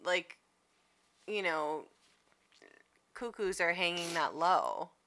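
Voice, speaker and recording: Lively bright woman, playful chat. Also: lowish voice, slow pace. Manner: playful, giggly, chatty. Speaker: podcast co-host. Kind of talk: casual chat.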